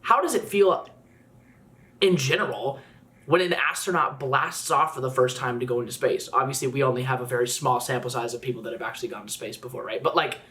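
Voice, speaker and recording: A man reacts casually to a music video at a brisk pace, chatting and gushing with plenty of fillers while music plays faintly behind him. His voice sometimes jumps higher when he gets excited.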